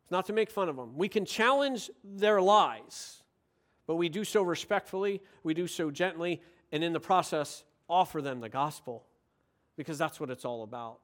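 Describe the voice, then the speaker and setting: A man preaching a sermon with passion, moving from quiet, reflective passages into excited, emphatic ones. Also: a little high, normal speed.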